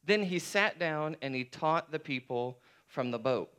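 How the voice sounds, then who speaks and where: A man's voice: a little high, lively intonation, measured pace, fairly bright tone, clear, resonant tone. A man preaching a sermon to his church in a conversational way, often repeating phrases for emphasis. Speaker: pastor.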